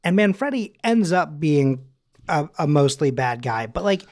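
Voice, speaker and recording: A man co-hosting a podcast in casual chat, animated and often acting out characters in playful voices. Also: a little high, unhurried. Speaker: podcast co-host.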